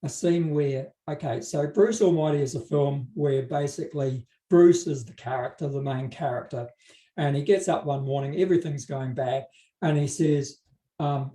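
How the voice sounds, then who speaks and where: A man's voice: a little high, normal speed, mellow. Give me a man preaching a conversational sermon, telling stories with joking asides. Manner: casual storytelling with joking asides. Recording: roomy hall from a distant mic.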